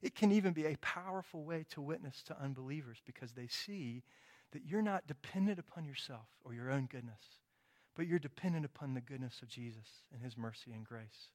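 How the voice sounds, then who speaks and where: A man's voice: mid-range voice, a little fast, darkish tone. A middle-aged man preaching a sermon, telling a personal story with quoted dialogue and frequent tag questions. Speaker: pastor.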